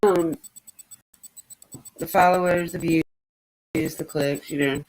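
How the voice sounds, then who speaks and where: A woman's voice: low-pitched, steady tone, takes it slowly, darkish tone, poor audio. A woman chats casually to her stream audience. She rambles from one thing to the next and swears freely. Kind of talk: casual chat.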